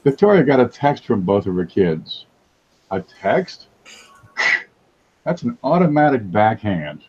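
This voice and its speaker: Husky joking man, lo-fi sound. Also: lowish voice, very animated, measured pace, mellow. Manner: joking, wisecracking. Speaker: host. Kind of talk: casual livestream chat.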